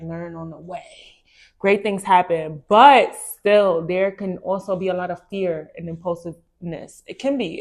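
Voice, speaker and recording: A young woman hosting a podcast, reading a book aloud and reacting to it in an animated, emphatic way, with slang and repeated phrases. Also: lowish voice. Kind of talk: casual chat mixed with reading aloud.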